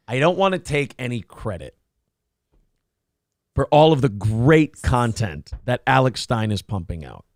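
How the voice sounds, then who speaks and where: A man's voice: medium pitch, very animated, measured pace, long pauses, dry recording, clean studio sound. A man hosting a casual chat show, rambling and self-mocking with plenty of swearing. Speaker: host.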